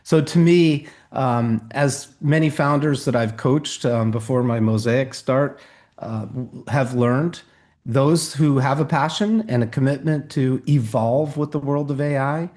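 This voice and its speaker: Measured, motivational man guest. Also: medium pitch, darkish tone. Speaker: guest founder and coach. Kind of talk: interview answer.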